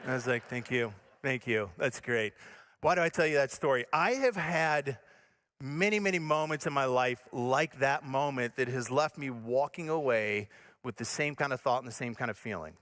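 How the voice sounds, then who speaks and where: A male pastor telling a story in a sermon, animated and self-mocking, acting out his own panic. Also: medium pitch, normal speed. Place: church stage.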